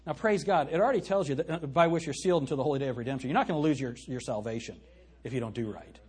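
A man's voice: medium pitch, very fast, darkish tone, husky. A male pastor preaching an emphatic sermon, asking his congregation questions and reading scripture aloud.

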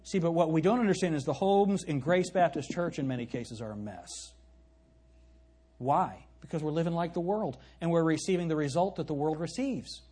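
A man's voice: fairly high pitch, normal speed, warm tone, breathy edge. A male pastor preaching an emphatic sermon, asking his congregation questions and reading scripture aloud.

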